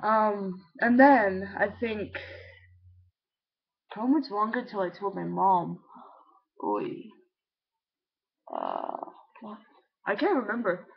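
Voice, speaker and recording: A man's voice: high voice, wildly swooping pitch, takes it slowly, gravelly, pauses often, breathy edge. A young trans man in his late teens talks straight to a webcam in a loose, wandering way. He leans on "like" and drops swear words as he goes. The audio is dull and lo-fi. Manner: rambling, heavy use of "like", casual swearing. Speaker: vlogger. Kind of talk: casual confessional storytelling.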